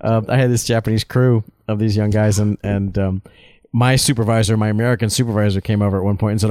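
A man's voice: fairly low pitch, fairly even intonation, fast, a little mellow, dry recording. Male co-host, casual commentary talk, dry booth sound, meandering storyteller. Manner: rambling anecdotes with many fillers. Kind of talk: casual movie commentary chat.

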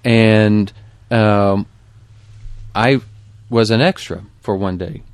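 Hesitant low-voiced male guest. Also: drawn-out words, no echo. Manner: hesitant, many ums and uhs. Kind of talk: casual commentary chat.

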